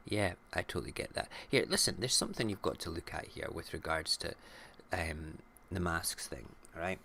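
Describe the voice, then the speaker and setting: A man's voice: low voice, moderate pace, vocal fry, hardly any pauses, bright, forceful tone, slight background noise. A middle-aged Scottish man hosting a casual morning show, irreverent and jokey, ranting with swearing. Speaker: radio show host.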